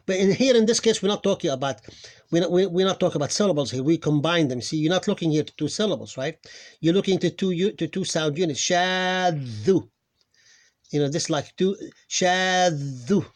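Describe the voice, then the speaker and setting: Higher-voiced man teaching sounds. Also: a little mellow. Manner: rambling, self-correcting, repeats sounds slowly. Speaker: Arabic phonics teacher. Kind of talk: unscripted lesson, thinking aloud.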